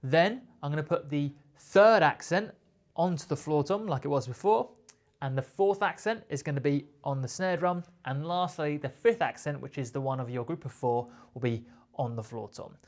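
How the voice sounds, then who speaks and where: A man's voice: a little high, moderate pace, a little mellow. Man teaching drum fills step by step. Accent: British. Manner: patient, step-by-step, counting aloud. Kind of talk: instructional explanation.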